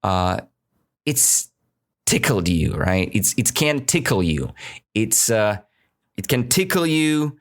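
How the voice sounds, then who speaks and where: A man teaches English by retelling a story, speaking slowly and asking his listeners questions as he goes. His pitch moves up and down a lot, which keeps the explanation animated. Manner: slow, questioning, keeps checking understanding. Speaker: English teacher, podcast host.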